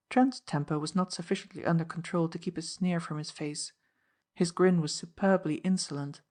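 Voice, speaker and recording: Reading scripted audiobook narration, a woman keeps her delivery steady and measured. Her voice is somewhat low.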